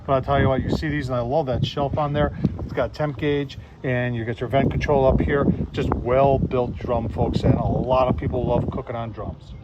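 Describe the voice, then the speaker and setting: A man hosts a casual outdoor barbecue demonstration, chatting in a folksy way to his viewers. Steady outdoor noise runs under his voice. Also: mid-range voice, moderate pace, dull audio. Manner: folksy, keeps saying "folks" and "I tell you what". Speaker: barbecue video host.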